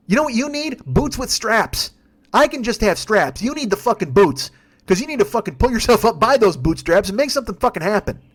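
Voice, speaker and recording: Fast, high-voiced ranting man in his fifties. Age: 50s. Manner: profane, exasperated, emphatic. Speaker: podcast host and comedian. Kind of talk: ranting solo monologue.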